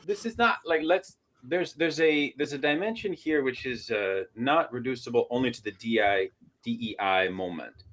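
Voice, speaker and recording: A man from Portland, Oregon, talking through ideas in a halting, academic way on a podcast, restarting his phrases. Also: mid-range voice, a bit bright. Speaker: podcast panelist. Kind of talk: casual academic discussion.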